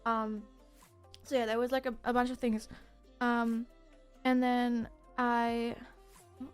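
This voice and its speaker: This is a young woman from Germany with a German accent, streaming, who recounts a story to her chat in a casual, animated way. Her voice sits a little high, and she acts out quotes and swears freely. Faint music plays behind her. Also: slow pace, long pauses, smooth.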